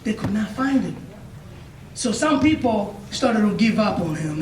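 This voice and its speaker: A man with an unusually high voice gives a motivational talk to young listeners, telling a story with heavy repetition and frequent questions to the crowd. The sound is echoey and distant, with a faint hum in the background. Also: expressive, measured pace. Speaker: motivational speaker. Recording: echoey room, mic far off.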